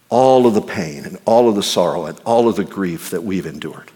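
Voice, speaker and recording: A male pastor preaching a sermon. He swings between ringing exclamations and hushed, near-whispered passages. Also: on the low side, expressive, moderate pace, few pauses. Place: church sanctuary. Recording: long reverb of a large hall.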